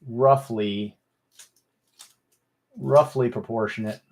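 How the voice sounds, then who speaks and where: A man's voice: mid-range voice, fairly even intonation, takes it slowly. A man chatting casually as he sculpts, rambling with many fillers and restarts. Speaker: sculptor, channel host. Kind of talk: casual chat while sculpting.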